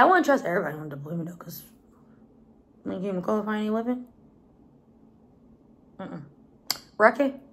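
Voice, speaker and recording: A woman in her twenties with an American accent, telling stories in a casual, blunt vlog and swearing freely. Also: on the high side. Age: 20s. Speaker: vlogger.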